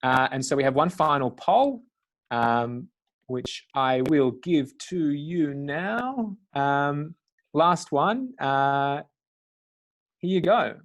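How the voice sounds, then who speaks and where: A man's voice: on the high side, expressive, slow pace. A man hosting a live webinar over a video call, moderating questions in an upbeat, chatty way with fillers. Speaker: webinar host.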